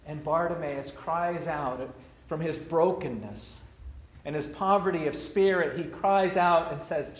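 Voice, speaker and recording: Reflective preacher in an echoey room. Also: male voice, on the high side, unhurried. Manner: reflective, personal, storytelling. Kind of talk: sermon.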